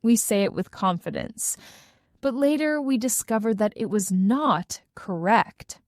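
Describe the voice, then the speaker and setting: A woman reads a simple first-person story for English learners, slowly and clearly. Her pitch moves a lot, rising and falling to carry the story. The recording is close and dry. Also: dry recording. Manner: clear, carefully paced, expressive. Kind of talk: slow scripted storybook narration.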